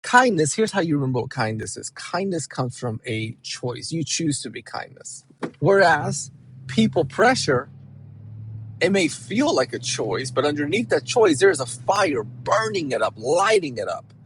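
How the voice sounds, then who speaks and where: A man, a counselor, giving an emphatic, animated motivational talk and often checking in with "right?". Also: fairly high pitch, a little slow, a little hiss or hum, poor audio.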